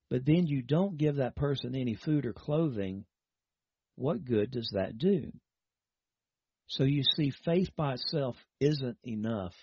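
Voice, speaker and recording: Male radio preacher, husky, earnest exhortation, dry dull broadcast sound. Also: mid-range voice, animated, measured pace, dry recording. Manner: earnest, exhorting, leads a prayer. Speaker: radio Bible teacher. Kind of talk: broadcast sermon. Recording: dull lo-fi broadcast with faint music.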